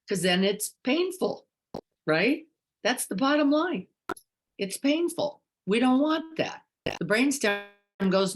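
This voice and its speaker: Gentle, questioning woman meditation teacher. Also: a little high, very animated, slow pace. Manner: questioning and gentle, swings from hushed to emphatic. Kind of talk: reflective dharma talk, reading participant comments.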